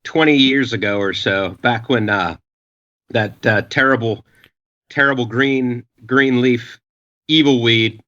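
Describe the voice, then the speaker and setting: Rambling, profane male storyteller, bright tone, muffled lo-fi recording. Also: medium pitch, measured pace. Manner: rambling, profane, many filler uhs, acts out quotes. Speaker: podcast guest. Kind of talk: casual storytelling.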